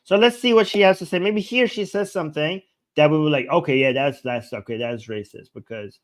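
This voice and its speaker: A man's voice: on the high side, fairly quick. A man hosting his channel, reacting to a clip in casual commentary, sarcastic and incredulous, often repeating himself. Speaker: channel host.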